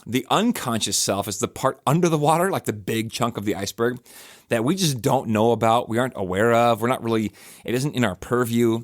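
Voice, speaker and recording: A man's voice: mid-range voice, brisk, no room sound, clean studio sound. A podcast host, a man likely in his thirties, talking in a casual, rambling reflective monologue with frequent restarts and fillers.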